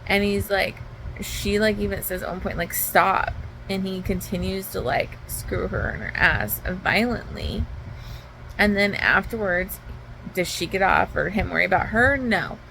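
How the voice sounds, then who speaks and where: A woman's voice: medium pitch, normal speed, creaky, bright, forceful tone, slight background noise, low-quality recording. A woman book vlogger at home, giving a candid, heated retelling of a novel in a casual reading vlog, with lots of "like.".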